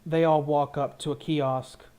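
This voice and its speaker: A man's voice: a little high, little pitch movement, measured pace, warm tone, smooth. A man narrating as game master, describing scenes in a loose, rambling way with many restarts.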